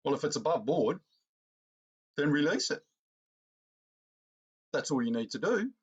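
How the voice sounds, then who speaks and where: A man's voice: on the high side, sing-song, a little slow, husky, muffled recording. A man hosting a political commentary vlog, ranting indignantly and calling his viewers folks. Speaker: political commentary channel host.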